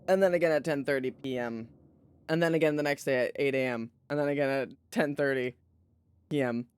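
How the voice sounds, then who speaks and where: A tired streamer chatting casually while playing a story game, animated and joking, with some swearing. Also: medium pitch, fairly quick, clear, resonant tone. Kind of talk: casual let's-play commentary, reading game text aloud.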